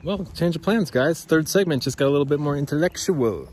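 A man's voice: fairly high pitch, a little fast, darkish tone, slight background noise. Rambling profane man talking while walking outside. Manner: rambling, profane, talks to listeners as guys. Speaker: podcast host. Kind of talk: rambling walk-and-talk monologue. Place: outdoors by a creek.

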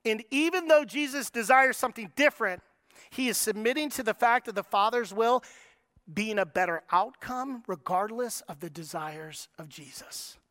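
A middle-aged man preaching a sermon, moving between lively, raised passages and soft, slow, quiet lines. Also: high-pitched, no room sound, studio quality. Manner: preaching with dramatic shifts in tone, acting out voices. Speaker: pastor.

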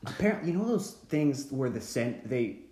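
Animated teenage boy in an echoey room. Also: moderate pace. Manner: animated, acts out quotes with sudden high shouts. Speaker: storyteller. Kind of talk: casual chat. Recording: roomy echo.

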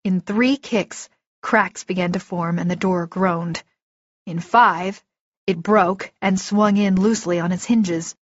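A woman narrating a first-person audiobook in a steady, vivid storytelling manner. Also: lowish voice, slow pace, no echo. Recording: dull lo-fi recording, dry.

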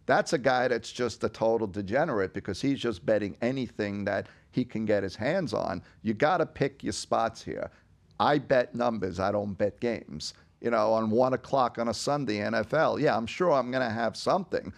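A man with a fairly low voice gives blunt, firm opinions as a betting advisor. His talk is casual and direct. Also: expressive, moderate pace, gravelly. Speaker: sports betting handicapper. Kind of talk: casual podcast chat.

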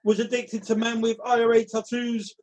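A man's voice: very high voice, level tone, normal speed, darkish tone. A man hosting a comedy quiz over a video call, reading out answers with playful mock drama. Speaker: quiz host.

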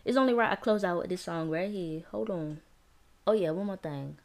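A woman hosting her own podcast in a casual, playful manner, teasing herself, stretching words out and laughing often. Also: fairly low pitch. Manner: animated, rhyming and drawn-out words. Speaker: podcast host. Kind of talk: casual solo podcast talk.

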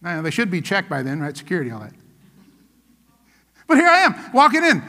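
A man's voice: sits high, wildly swooping pitch, fairly quick, pauses often, pushed and bright, big-room sound. A pastor preaching a sermon, emphatic and calling out to his congregation for answers. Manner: emphatic call-and-response preaching.

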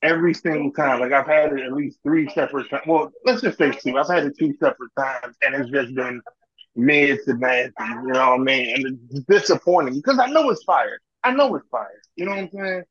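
A man's voice: fairly high pitch, lively intonation, a little fast, fairly bright tone, husky, highs cut off. A man, a podcast co-host, ranting animatedly in casual chat and saying "bro" again and again.

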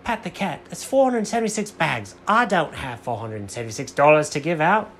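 A man's voice: on the high side, expressive, a little fast, a bit bright, a little hiss or hum, voice pushed up. A man voicing an earnest, slightly exasperated man searching for lost backpacks in a bedtime story. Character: flustered man who lost his backpacks.

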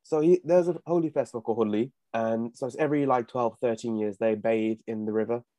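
A man's voice: medium pitch, fast, mellow, no echo. Joking young man, dry close sound. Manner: joking banter, laughs mid-story. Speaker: podcast co-host. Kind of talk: casual chat.

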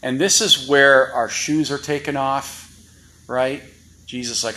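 A man's voice: mid-range voice, fairly even intonation, takes it slowly, pushed and bright, poor audio. A man preaching a sermon in a church, chatty and full of rhetorical questions to the congregation. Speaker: guest preacher. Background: congregation responses.

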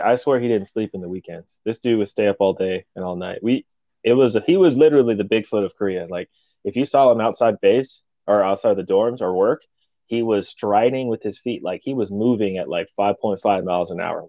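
A man telling loud, profane stories from his military years in a casual chat, laughing often. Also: fairly low pitch, brisk, no echo, dull audio.

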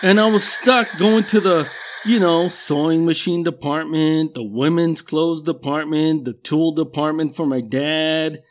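A man's voice: fairly high pitch, fairly even intonation, unhurried, a little hiss or hum. A middle-aged man from a Mexican-American background telling casual, profane stories in a rambling way, laughing at himself. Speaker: storyteller.

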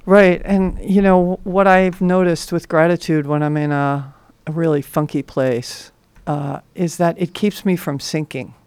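Gravelly, smooth-voiced woman radio host. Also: sits low, fairly even intonation, unhurried, a little mellow, no room sound. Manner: reflective, light laughter. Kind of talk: casual radio talk. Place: radio studio.

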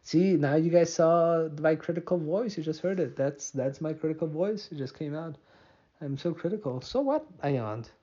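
A man's voice: a little high, moderate pace, mellow, slightly rough, highs cut off. A tired man hosting a casual solo podcast, rambling and mocking himself with many restarts and fillers. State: tired, yawning. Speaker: podcast host.

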